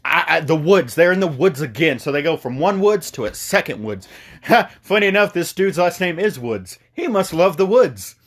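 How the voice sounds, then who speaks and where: A man's voice: on the high side, expressive, normal speed. A young man recapping a movie in a rambling, profane, stumbling comic style. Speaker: video host recapping a movie.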